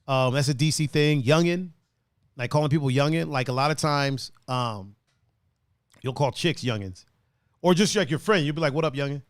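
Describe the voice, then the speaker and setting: A man's voice: a little high, normal speed, no room sound. Host, male, East Coast accent, slangy and easygoing, dead dry mic. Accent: East Coast, D.C. and Baltimore slang. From Washington, D.C. area. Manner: laid-back, laughs often, slangy. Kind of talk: casual chat on a livestream.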